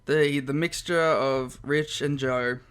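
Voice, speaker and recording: A man's voice: medium pitch, steady tone, slow, a bit bright, smooth. A man with an Australian accent co-hosting a podcast, chatting casually in a rambling way and laughing often. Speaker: podcast co-host. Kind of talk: casual chat.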